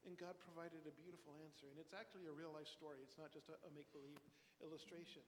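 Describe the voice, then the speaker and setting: A man's voice: a little high, steady tone, fast talker, big-room sound, a little hiss or hum. A man preaching a sermon as pastor, telling a story earnestly and animatedly in a church. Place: church sanctuary.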